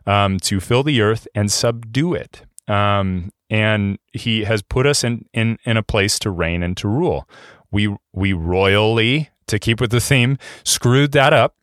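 Pastor, male, low-pitched, dry sound; talky sermon delivery with frequent ums and restarts. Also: a little slow, a bit bright, no echo. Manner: conversational preaching with many fillers and restarts.

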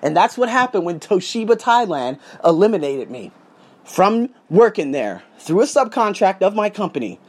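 A man who is a vlogger and English teacher tells his story in a casual vlog from a condo room indoors. His voice is high and very animated, his pace moderate, and he is emphatic and swears as he goes.

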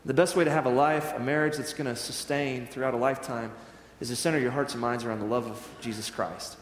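A man's voice: medium pitch, quick pace, a little hiss or hum. A man who is a Presbyterian minister, telling a story in a sermon and acting out the dialogue. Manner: animated storyteller, acts out dialogue. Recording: echoey church hall with long reverb.

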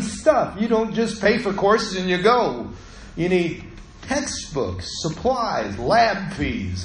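A man's voice: a little high, reverberant, slight background noise, low-quality recording. A middle-aged man preaching a sermon, telling a personal story in a conversational way and acting out the voices of the people in it.

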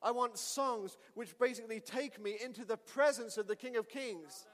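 Male pastor, high voice, animated storytelling sermon, long hall reverb. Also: normal speed. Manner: animated storytelling, shouting at climaxes.

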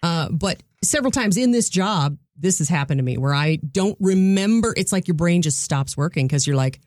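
A man's voice: fairly high pitch, lively intonation, normal speed, darkish tone, no echo, clean studio sound. A male radio co-host in casual chat, mostly chiming in with short agreements.

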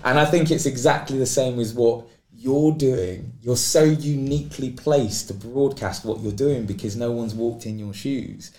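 With medium pitch, a moderate pace, and hardly any pauses, a British athlete tells an extended story as a podcast guest. He animatedly imitates the people in it, and the room gives off a noticeable echo.

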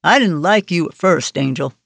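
A woman's voice: low-pitched, lively intonation, normal speed, vocal fry, a bit bright, no room sound, exaggerated voice. A woman narrator voicing a cocky, crude male agent who talks in a wisecracking, folksy way in an audiobook. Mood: teasing. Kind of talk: audiobook character voice.

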